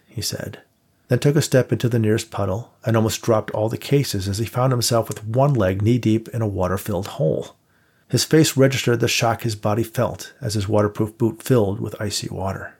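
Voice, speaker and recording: Gravelly low-voiced male narrator. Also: a little fast, darkish tone. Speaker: audiobook narrator. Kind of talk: scripted narration.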